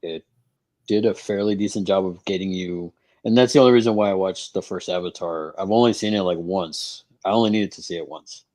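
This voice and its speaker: A laid-back man co-hosting a casual livestream and chatting about movies. His voice sits fairly low, and he rambles easily and acts out little quotes as he talks. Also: a little fast, darkish tone. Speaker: co-host.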